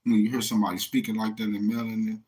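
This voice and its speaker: A man's voice: fairly low pitch, little pitch movement, fast, dark tone. A man from the United States rambling in a casual monologue, profane and slangy, talking straight to his listeners. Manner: profane, slangy street talk, addressing listeners directly.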